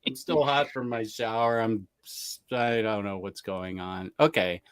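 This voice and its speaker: A man's voice: fairly low pitch, fairly even intonation, a little slow, smooth, no echo. A man hosting a casual livestream, reading out viewer comments with rambling, self-mocking asides and laughs mid-sentence. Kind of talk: casual chat.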